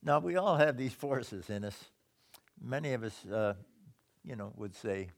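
Animated man preaching a sermon. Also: unhurried, gravelly. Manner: lively, shifts between loud emphasis and soft low asides. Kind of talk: sermon reading and explaining scripture.

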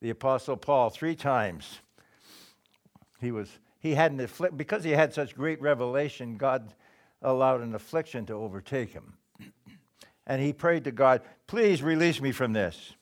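A man preaching a sermon in a slow, deliberate way, pausing often and clearing his throat now and then. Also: mid-range voice.

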